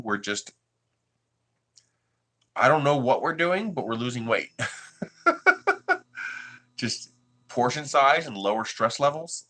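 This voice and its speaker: A man's voice: lowish voice, bright, forceful tone. A man from the United States hosting a 3D printing livestream, chatting casually with his viewers and chuckling often.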